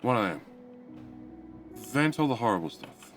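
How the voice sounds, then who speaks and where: A man's voice: mid-range voice, very animated, measured pace, faint music behind. A man streaming a game, muttering distracted and frustrated remarks to himself as he plays. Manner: mumbled, distracted self-talk with frustrated repetition. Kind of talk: muttering to himself while playing.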